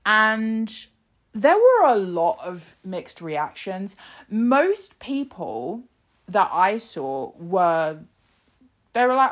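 A woman's voice: mid-range voice, big pitch swings, drawn-out words. A woman hosting a political podcast in casual, sarcastic commentary, swearing freely and laughing at her own tangents.

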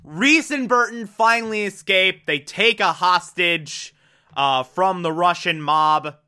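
A man's voice: sits high, takes it slowly, bright, forceful tone, smooth. A man giving an enthusiastic, casual recap and review of a TV episode, with sudden asides and the odd swear.

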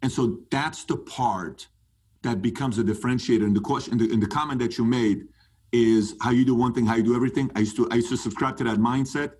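A man talking as a podcast guest, emphatic and animated, pitch climbing when he gets fired up. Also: quick pace. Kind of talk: animated interview talk.

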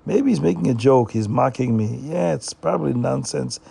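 A poor, bashful father from an old folk tale, as a man plays him mutters his worries half to himself. The voice is gravelly and husky, with a dark, soft tone. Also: mid-range voice, lively intonation, normal speed, heavily acted. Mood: doubtful. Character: poor, shy, despairing older Jewish father.

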